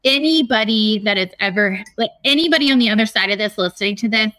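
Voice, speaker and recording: A woman co-hosting a casual conversation, responding with quick empathetic reactions. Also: medium pitch, bright, forceful tone, no room sound.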